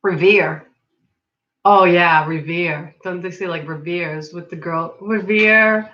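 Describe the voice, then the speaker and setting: A woman's voice: fairly low pitch, steady tone, takes it slowly, a bit bright. New england lady chatting on her livestream, lots of "like", giggly, kinda muffled sound. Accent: Massachusetts, between Boston and Rhode Island. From Massachusetts. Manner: chatty, laughs often, many "like" fillers, swears casually. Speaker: livestream host. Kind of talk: casual livestream chat reading comments.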